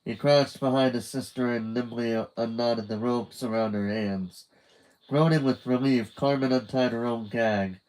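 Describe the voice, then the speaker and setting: A man's voice: medium pitch, steady tone, a little slow, a little mellow, poor audio. A man narrating a children's book in a live reading. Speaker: reader.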